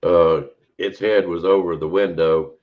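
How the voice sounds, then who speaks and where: A man's voice: deep voice, fairly even intonation, a little slow. A man, a podcast guest telling a rambling, folksy encounter story in a casual way. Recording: dull lo-fi audio.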